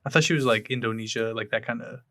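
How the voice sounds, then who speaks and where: A man's voice: medium pitch, fast talker, fairly bright tone. A man in his twenties co-hosting a podcast, chatting casually with dry joking asides. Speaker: podcast host. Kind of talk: casual chat.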